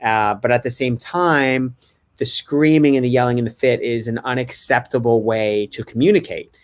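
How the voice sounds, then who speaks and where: A man's voice: mid-range voice, fairly even intonation, moderate pace. Candid man telling a family story. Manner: candid, self-reflective storytelling. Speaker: podcast co-host and father. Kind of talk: casual podcast chat.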